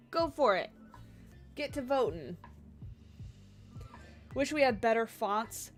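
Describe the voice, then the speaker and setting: Chatty woman streamer, very lively voice. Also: on the high side, takes it slowly, long pauses, faint music behind. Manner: chatty, talks to her dogs in a cooing baby voice. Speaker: livestreamer. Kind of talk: casual livestream commentary while playing. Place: home office. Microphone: USB condenser desk mic.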